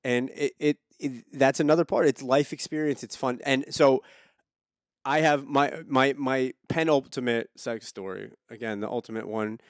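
A man's voice: medium pitch, normal speed, no room sound, clean studio sound. A man on a podcast, casually telling a crude story, repeating and restarting words. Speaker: podcast co-host.

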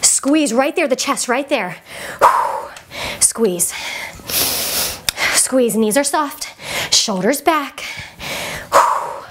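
A woman's voice: high-pitched, expressive, measured pace, a bit bright. A woman fitness instructor coaching a workout while doing it herself, out of breath and encouraging, with short cues and puffs of breath between exercises.

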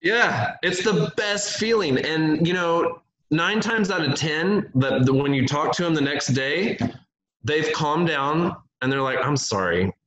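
A man's voice: on the high side, a little slow. Chatty man in a roomy room. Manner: animated storyteller, laughs often. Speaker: home inspector guest. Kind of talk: casual podcast chat. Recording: roomy echo.

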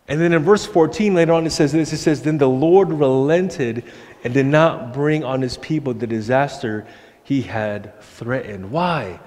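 A young man, a pastor, giving an animated sermon in a church and acting out the voices he quotes. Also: fairly high pitch, moderate pace. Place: church sanctuary. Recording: long church hall reverb.

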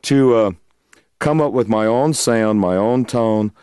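A middle-aged man, a blues guitarist, telling a story in an interview, animated, laughing and acting out other people's voices. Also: on the low side, measured pace, clear, resonant tone, no echo, clean studio sound.

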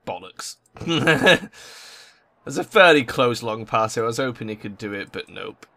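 Young man, gameplay commentator; frustrated sweary ranting, bright forward tone. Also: medium pitch, expressive, a little slow. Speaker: gaming YouTuber.

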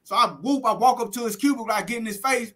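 High-voiced man telling stories. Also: quick pace, a bit bright. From Texas. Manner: vivid street slang, heavy cursing, acts out scenes. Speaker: interview guest recounting prison life. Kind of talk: casual storytelling interview.

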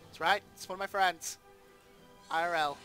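A man's voice: high voice, steady tone, normal speed, pushed and bright, faint music behind. A man hosting a let's play, giving casual gameplay commentary and thinking aloud with chatty asides.

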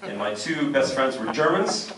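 Brash Canadian stand-up man, echoey club. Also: mid-range voice. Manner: brash, crude, animated, pauses for laughs. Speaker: stand-up comedian. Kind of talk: stand-up comedy set. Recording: echoey club, distant mic, loud crowd noise. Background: audience laughter.

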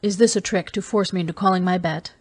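A woman's voice: on the low side, fairly even intonation, quick pace, no room sound, close to an everyday voice. A woman reading an audiobook voices a wounded male captive, weary and guarded. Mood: wary.

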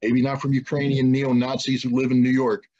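Indignant husky-voiced man, lo-fi audio. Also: mid-range voice, completely flat delivery, a little fast, mellow. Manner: indignant, rising to emphatic questions. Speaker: interview guest. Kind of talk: impassioned interview answer. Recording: dull lo-fi audio.

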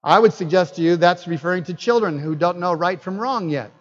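Older male guest pastor, high-pitched preaching voice, dull recording with long hall reverb. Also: a little fast, hardly any pauses. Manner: animated, swings from loud emphatic bursts to low asides. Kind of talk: sermon. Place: church hall.

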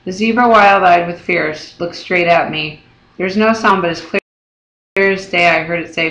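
An audiobook reader narrates a novel in the first person, telling the story in a steady, even way. The voice rings with a roomy echo, as if read in an open room. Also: medium pitch, moderate pace.

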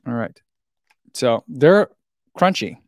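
A chatty man talking casually through an unboxing, his pitch rising and falling a lot. He giggles easily and talks between bites. The sound is close and dry, with no room around it. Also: expressive, takes it slowly, dry recording. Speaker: vlogger reviewing a snack.

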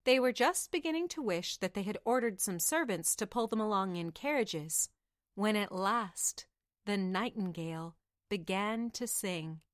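A woman narrating a storybook in a gentle, measured way. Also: mid-range voice, lively intonation, no echo, studio quality. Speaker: audiobook narrator.

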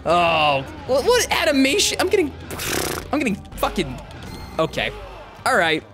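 A man giving let's-play commentary on a fighting game, excitable, swearing, shouting and laughing at the action. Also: extremely high pitch, unhurried, music in the background. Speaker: gamer.

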